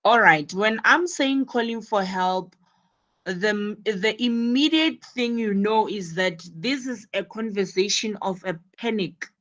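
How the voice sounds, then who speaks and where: Slow, deliberate woman teaching English. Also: medium pitch, a bit bright. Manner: deliberate, repeats words for emphasis. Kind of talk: classroom explanation.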